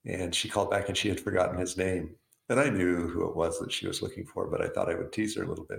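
A man co-hosting a casual talk show, telling stories in a relaxed way with frequent chuckles. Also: low voice, quick pace, vocal fry. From United States. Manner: relaxed storyteller, chuckles often. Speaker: co-host. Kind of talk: casual conversation. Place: Southeast Arizona. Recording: roomy echo.

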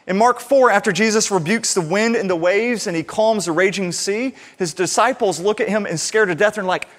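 A man preaching a sermon in an animated way, acting out the people he quotes. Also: high voice, normal speed. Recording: reverberant hall sound.

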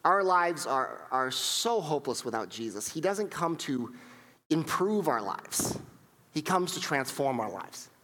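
A man preaching a sermon, telling stories in an animated way and acting out what people said, often repeating and restarting his words. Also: a little high, measured pace, big-room sound. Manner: animated storytelling with acted-out quotes; frequent repetitions and restarts. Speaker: pastor.

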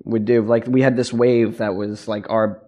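A man's voice: fairly low pitch, little pitch movement, normal speed, dark tone. A young man, an actor, chatting casually in an interview, rambling with lots of fillers and frequent laughs. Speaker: actor guest.

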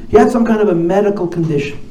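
A man giving a talk as a rabbi, telling stories in an animated way and repeating key phrases. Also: high voice, rapid-fire. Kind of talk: storytelling talk at a gathering. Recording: echoey room, faint noise.

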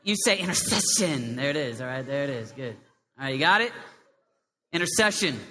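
A man preaching a lively sermon to a young congregation, with a high, squeaky voice, swinging between loud emphasis and hushed prayer. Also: a little fast, slight background noise. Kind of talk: live sermon to a youth congregation. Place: large hall with a live crowd. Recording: long hall reverb.

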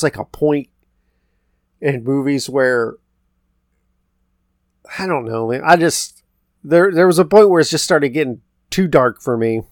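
A man's voice: on the high side, no echo, clean studio sound. A man co-hosting a podcast, loosely retelling a film's plot in a rambling, casual way and quoting characters. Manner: rambling, retells scenes with quoted lines. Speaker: podcast co-host. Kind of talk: casual movie recap chat.

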